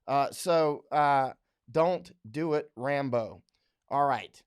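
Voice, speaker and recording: A man's voice: medium pitch, takes it slowly, clear, resonant tone. A man hosting a live stream, talking bluntly and combatively, repeating points as he goes. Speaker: livestream host, war correspondent.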